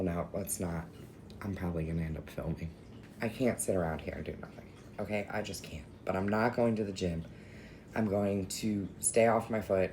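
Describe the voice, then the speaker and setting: A woman's voice: very deep voice, darkish tone, slight background noise. A young adult woman telling a story in a casual vlog, candid and emotional, venting with some swearing. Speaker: vlogger.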